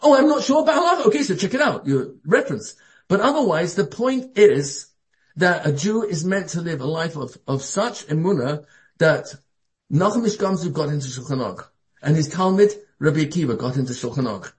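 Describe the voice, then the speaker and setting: A man with a high voice preaches a sermon. He talks with a lot of energy, stumbles and restarts often, and shifts between calm and excited passages. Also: normal speed. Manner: animated, acts out quoted voices, frequent restarts. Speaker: Torah teacher.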